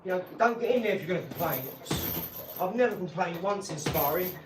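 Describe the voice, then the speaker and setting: A man's voice: sits high, brisk, very noisy. A man hosting a live stream, chatting casually to viewers and telling stories, calling them mate and geezer. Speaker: livestream host. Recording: echoey room, mic at a distance.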